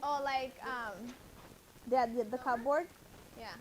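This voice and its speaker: Woman, classroom teacher, slow patient drilling, high voice. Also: steady tone, crowd noise. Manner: patient, drills words and corrects pronunciation. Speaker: Spanish teacher. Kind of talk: classroom vocabulary lesson.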